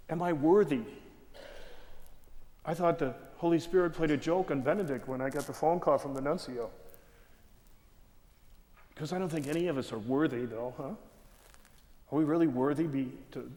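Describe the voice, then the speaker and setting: A man's voice: fairly high pitch, a little mellow. A man who is a bishop, hosting a panel conversation, asking questions in a folksy, reflective way. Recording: long hall reverb.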